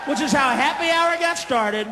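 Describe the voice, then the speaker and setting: Screaming high-pitched male stand-up comic. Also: expressive, moderate pace, very noisy. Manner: screaming rants, profane, sudden shouts. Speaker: stand-up comedian. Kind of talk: stand-up comedy routine. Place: live club or theater stage with audience. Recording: live concert recording, hall reverb, faint crowd.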